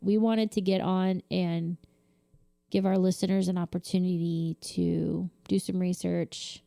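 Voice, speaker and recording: Drowsy lady cohost, laid-back and slow, dry close mic, swears a lot. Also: fairly low pitch, little pitch movement, vocal fry, dark tone, no room sound. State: drowsy, stifling yawns. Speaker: podcast co-host. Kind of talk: casual podcast chat.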